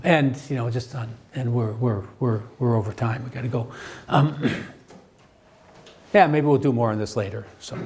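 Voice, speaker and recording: A man teaching a Bible study class, talking in halting bursts with frequent restarts and quizzing his students. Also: medium pitch, dark tone. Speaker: theology teacher. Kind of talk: interactive Bible study lecture.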